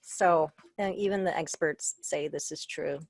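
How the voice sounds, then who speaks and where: A middle-aged woman with a lowish voice leads a casual webinar for librarians over a video call, speaking from personal experience with frequent "um" and light humor. The sound is dry and close, with no room echo. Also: unhurried, gravelly. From Iowa.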